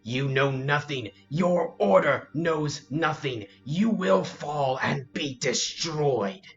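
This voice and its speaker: A man voicing a savage, furious dark-robed woman warrior who yells in rage, on a lo-fi recording with faint music. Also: fairly high pitch, takes it slowly, voice pushed up. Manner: yelling, enraged.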